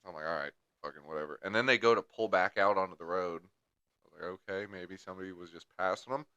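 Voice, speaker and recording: A young man in casual podcast chat, rambling and crude, swearing through a long story. His voice sits a little low but comes across bright and forceful. The sound is dry and close. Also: fast talker, clean tone, no echo, muffled recording. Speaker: podcast co-host.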